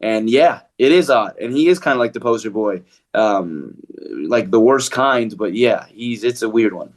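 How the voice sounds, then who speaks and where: A man being interviewed as an actor, talking casually with lots of fillers and restarts. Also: lowish voice. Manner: relaxed, halting with many restarts and fillers.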